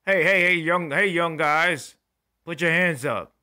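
A man voicing a loud, bossy male police officer who barks orders. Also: a little high, unhurried, voice pushed up. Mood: commanding.

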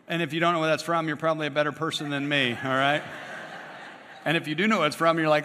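A man's voice: on the high side, steady tone, brisk, pushed and bright, long reverb tail, a little hiss or hum. A man preaching a sermon in a conversational way, often checking in with rhetorical tag questions and adding playful asides. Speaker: pastor. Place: church sanctuary.

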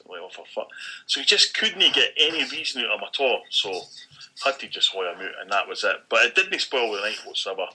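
A Scottish man co-hosting a podcast, casually recounting an event with lively acted-out quotes and frequent swearing. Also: mid-range voice, a little fast, breathy edge, rough recording. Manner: animated storyteller acting out quoted dialogue, frequent swearing. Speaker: podcast co-host. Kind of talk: casual chat, storytelling.

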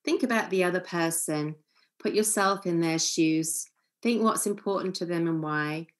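Low-voiced woman teaching couples stuff, calm and earnest, acts out little example lines. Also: moderate pace. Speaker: family therapist giving a seminar talk. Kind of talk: seminar lecture.

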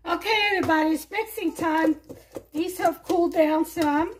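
A woman with a Brooklyn accent hosting a home cooking show, chatting warmly to viewers as she demonstrates a recipe. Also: very high-pitched, normal speed, a little hiss or hum. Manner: chatty, enthusiastic, talks to viewers. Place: home kitchen.

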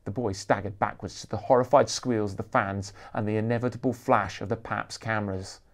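A man reading aloud from his own thriller novel, lively and expressive in his narration. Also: fairly low pitch, a little fast. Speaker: author reading his book.

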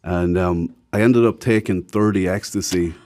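A man's voice: low voice, moderate pace. Frank Irish man telling stories. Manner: frank, animated when quoting others. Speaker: guest. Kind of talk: casual storytelling.

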